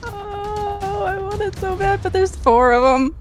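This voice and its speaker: A woman's voice: very high-pitched, expressive, a little slow, soft background music. A woman playing a tabletop game, laughing often and swearing in casual chat. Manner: giggly, swearing. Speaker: player.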